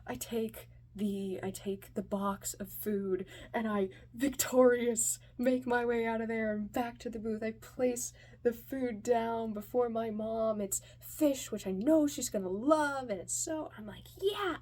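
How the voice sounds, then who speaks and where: A woman's voice: fairly high pitch, fairly even intonation, a little slow, hardly any pauses, darkish tone. A woman telling a comic personal story in an anxious, self-mocking way, often dropping into whispered asides.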